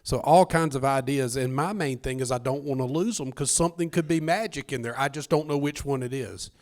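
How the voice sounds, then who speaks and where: A man speaking on a business panel, an excitable storyteller who jokes as he talks about ideas and communication with his wife. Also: medium pitch, fairly quick. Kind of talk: casual panel talk.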